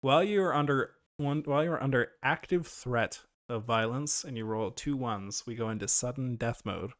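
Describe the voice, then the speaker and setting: A man narrating as game master of a tabletop role-playing game, relaxed, with many fillers and frequent laughs. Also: medium pitch, moderate pace, dry recording, clean studio sound.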